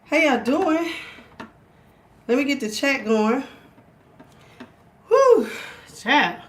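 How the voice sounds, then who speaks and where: A woman's voice: sits high, lively intonation, extremely slow. A woman hosting a tarot reading stream in a chatty, laughing way, out of breath. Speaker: tarot reader. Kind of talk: casual livestream talk.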